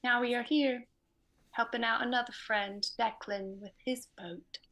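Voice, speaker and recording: A woman voicing her character in a tabletop game, slow and genteel. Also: on the high side, steady tone, creaky, fairly bright tone. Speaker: player.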